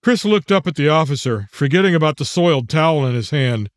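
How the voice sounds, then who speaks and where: A man's voice: fairly high pitch, no echo. Man narrating an audiobook, dry sound. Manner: measured, even storytelling. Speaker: author narrating own audiobook.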